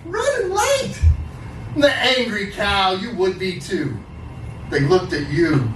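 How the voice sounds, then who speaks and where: A man performing spoken word as an angry mother dairy cow, mocking and swearing with big swings in pitch. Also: fairly bright tone, full character voice. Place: live open mic at a studio. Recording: roomy, distant mic, faint room noise.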